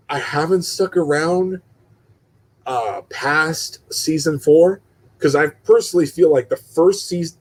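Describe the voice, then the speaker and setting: A young man hosting his own channel, chatting casually to viewers and swearing a lot, his voice jumping high when he is exasperated. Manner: profane, animated, jumps pitch when exasperated. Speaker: channel host.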